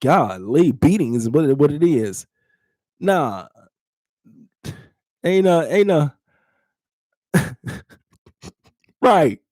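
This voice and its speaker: A man's voice: a little high, lively intonation, extremely slow, long pauses, a little mellow, dry recording, clean studio sound. Blunt, teasing man ranting on a podcast. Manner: blunt, teasing, laughs often, repeats phrases. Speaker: podcast host. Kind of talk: casual ranting podcast chat with live chat.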